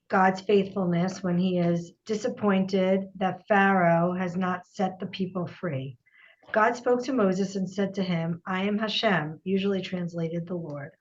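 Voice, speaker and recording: A woman reads source texts aloud to a study group in a steady, measured voice. The sound is a little dull and muffled. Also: medium pitch. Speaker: student reading aloud.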